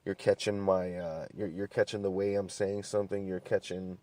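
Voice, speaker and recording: Calm, laid-back man telling stories. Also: low voice, normal speed. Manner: calm, laid-back storytelling with frequent swearing and restarts. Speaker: podcast host. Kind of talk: casual monologue.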